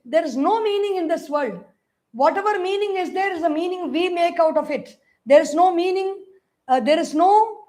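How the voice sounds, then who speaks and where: A woman with an Indian English accent giving a spiritual discourse, telling lively stories and chanting Sanskrit verses. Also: extremely high pitch. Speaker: spiritual teacher.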